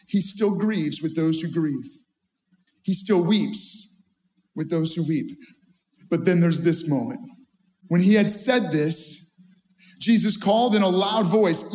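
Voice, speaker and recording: A man with a high voice delivers an emphatic sermon, leaning on repetition and rising intensity. His words carry a long reverb, as if spoken in a large echoey hall. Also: takes it slowly, a little mellow. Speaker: pastor.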